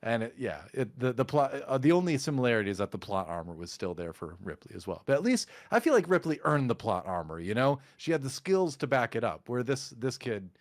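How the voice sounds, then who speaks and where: A man co-hosting a casual movie podcast, sarcastic and animated, and he keeps slipping into mocking impressions. He has a mid-pitched voice. The recording sounds dry and close, with no room around it. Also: fairly quick, hardly any pauses, no echo. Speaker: podcast co-host. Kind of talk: casual movie review chat.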